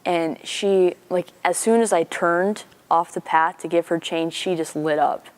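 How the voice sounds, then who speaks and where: A young university student from Missouri giving an earnest, chatty personal faith testimony. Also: female voice, lowish voice, unhurried, clean tone. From Missouri, USA. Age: young adult.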